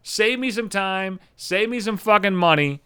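In studio quality with no room sound, a podcast host, a young adult man, delivers a meandering, curse-laden story in an exasperated monologue. His voice sits high and sounds expressive, unhurried, a bit bright, and smooth.

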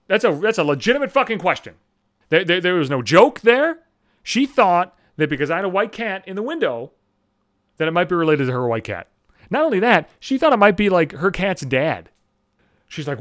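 A man's voice: fairly high pitch, big pitch swings, a little fast, a bit bright, dry recording, clean studio sound. Profane exasperated man telling stories. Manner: profane, exasperated storytelling with quoted voices. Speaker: comedian. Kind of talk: stand-up style comedic monologue.

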